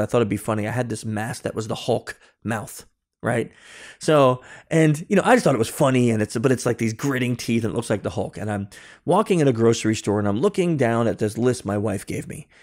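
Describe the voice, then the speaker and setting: Animated storytelling man on a remote call. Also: medium pitch. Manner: animated, acts out dialogue, many restarts. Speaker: guest, security consultant. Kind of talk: conversational storytelling.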